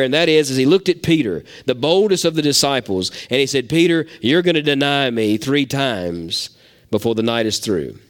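A middle-aged man, preaching a sermon in a folksy, storytelling way. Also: medium pitch. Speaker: pastor.

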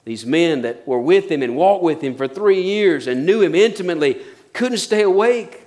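A male pastor preaching a sermon in a folksy, animated way, with colloquial asides and acted-out quotes from scripture. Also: on the high side, moderate pace.

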